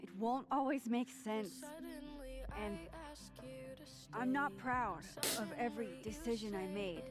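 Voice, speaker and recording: A woman's voice: on the high side, slow pace, pauses often. A woman voicing an earnest, guarded young woman in video game dialogue, speaking sincerely and reassuringly over game music.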